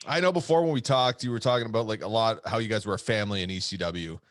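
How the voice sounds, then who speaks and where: Low-voiced male podcast host. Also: fast, no room sound, studio quality. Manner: relaxed, laughs often. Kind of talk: casual interview chat.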